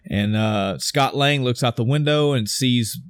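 A man chatting casually and retelling a film with lively energy, jumping into characters' voices and swearing freely. His voice sits mid-range and sounds dry and close. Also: mid-range voice, a little slow, smooth, no echo. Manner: animated retelling, acts out characters' lines with cursing. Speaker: podcast co-host recapping a film. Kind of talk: casual chat.

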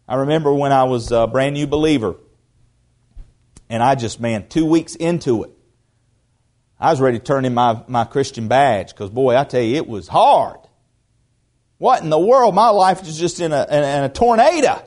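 A man preaching a sermon in a conversational way, repeating words as he goes and swinging between quiet asides and loud, emphatic stretches. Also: medium pitch, moderate pace, long pauses. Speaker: pastor.

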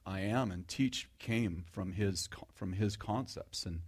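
A middle-aged man preaching in a relaxed, conversational way, with a sarcastic, self-mocking humor. He restarts his sentences often and turns to the audience with questions. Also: low voice, unhurried, slightly rough. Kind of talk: conversational sermon.

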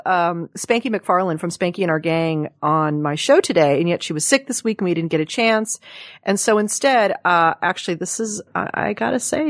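A woman's voice: medium pitch, no room sound, studio quality. A woman hosting a casual talk show, chatting loosely and plugging shows with a playful swear now and then. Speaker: podcast host. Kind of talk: casual chat. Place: studio room with guests.

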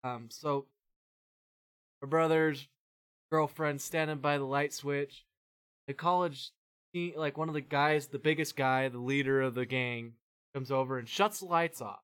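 A man hosting a podcast who tells a long story in a rambling, animated way, swearing freely and acting out the voices of the people in it. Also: on the high side, a little slow, smooth. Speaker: podcast host. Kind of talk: casual storytelling chat.

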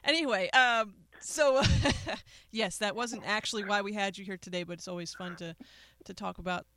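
A woman radio host with a bright, forward voice, heard close and dry. She chats easily and laughs often as she fumbles over unfamiliar words. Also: medium pitch, steady tone, brisk, no room sound. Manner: chatty, laughs easily, unsure with terms. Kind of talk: radio interview.

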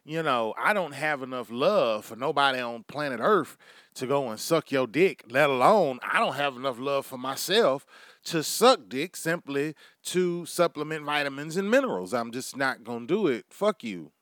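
This comedy podcast host has a medium-pitched, fairly bright voice and speaks expressively at a moderate pace. The clean studio recording is dry, and his monologue is brash and crude, full of pretend asides to an imaginary audience.

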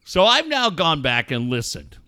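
A man hosting a radio show, telling a story in loud, mocking, profanity-laced banter. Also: a little high, moderate pace, smooth. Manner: loud, mocking, animated storyteller who swears a lot.

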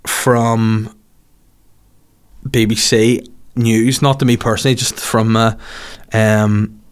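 A man's voice: fairly low pitch, level tone, takes it slowly, clear, resonant tone. A man hosting a comedy show, riffing in a casual monologue and swearing freely. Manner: swears freely, breaks into voices.

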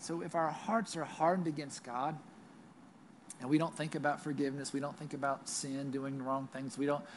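A man's voice: mid-range voice, slight background noise. A man pastor with a Southern US accent preaching a sermon in a conversational way, often checking in with "right?". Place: church.

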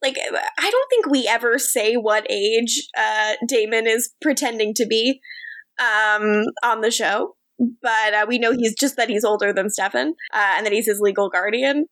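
A woman co-hosts a casual podcast, rambling through her points with a steady stream of fillers and little laughs. Her voice sits fairly high, and the recording is dry and close. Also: moderate pace, dry recording. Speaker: podcast co-host. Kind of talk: casual chat.

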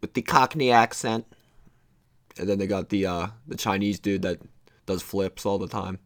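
A young man hosts his own podcast in a low voice at a moderate pace, rambling casually with plenty of fillers and loose, wandering thoughts. The recording is studio quality with no room sound.

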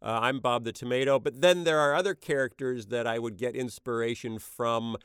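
A middle-aged man telling stories about making his animated show in a casual interview, lively and quick to act out voices. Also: mid-range voice, clear, resonant tone, dry recording, studio quality. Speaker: animation creator being interviewed.

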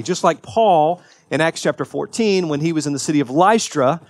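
A man's voice: a little high, no room sound, studio quality. Earnest man preaching a sermon. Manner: earnest, rising to emphatic peaks, then quiet and confessional; halting restarts and repeated words. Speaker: pastor.

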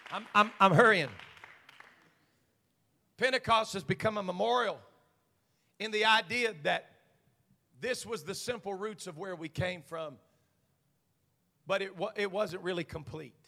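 A man, a senior pastor, preaching a Pentecostal sermon, dropping to quiet asides and then climbing to shouted proclamation. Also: high voice, unhurried, vocal fry, pauses often, in a large hall, some chatter behind. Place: church sanctuary.

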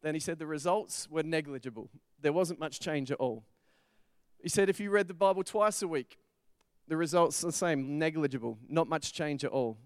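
Man preaching, smooth and dry. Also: on the high side, lively intonation, moderate pace, dry recording. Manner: conversational preaching with personal stories. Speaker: pastor. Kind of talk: sermon. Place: church.

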